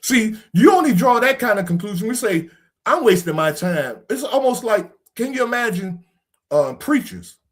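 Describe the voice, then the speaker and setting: A man's voice: high-pitched, very animated, moderate pace. A man hosting a podcast discussion, talking in a preachy, casual way and swearing now and then. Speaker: podcast host.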